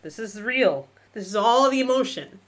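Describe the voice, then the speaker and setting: A woman's voice: a little high, animated, normal speed. A woman hosting a live-streamed miniature painting lesson, chatting informally and thinking aloud as she paints.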